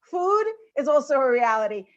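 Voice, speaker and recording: Woman, high voice, animated storyteller, moderating a panel, dull lo-fi video call sound. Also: moderate pace. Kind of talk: informal Torah talk with a joke.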